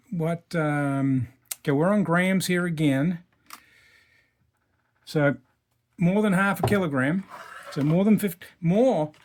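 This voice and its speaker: A man's voice: fairly high pitch, slight background noise. A man giving casual unboxing commentary as a coin collector, chatty and amazed, muttering asides as he works.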